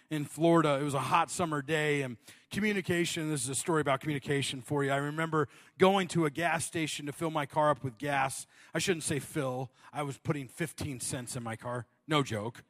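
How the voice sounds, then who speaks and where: A male pastor telling a funny personal story in his sermon, animated and self-deprecating, often laughing. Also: on the high side, long reverb tail.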